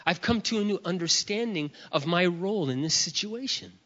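Muffled audio from a large, echoing hall captures a middle-aged male pastor whose voice sits high with a fairly bright tone at normal speed. During his sermon, he shares a self-mocking personal story and performs both voices of a prayer.

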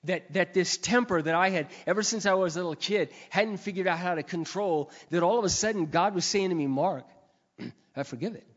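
A man preaching a sermon, telling stories with big swings between quiet and shouted passages. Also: high-pitched, a little fast, hardly any pauses. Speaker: pastor. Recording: dull sound with long hall reverb.

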